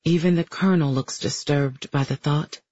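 A man giving a steady, measured first-person audiobook narration. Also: fairly high pitch, slightly rough, dull audio.

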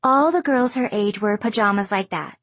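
A weary mother who answers flatly and dismissively, as a woman reads her. Her voice sits slightly husky and close, with a dry studio sound. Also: mid-range voice, normal speed, dry recording. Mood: bored. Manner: flat, dismissive. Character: bored, weary middle-aged mother. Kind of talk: audiobook character voice.

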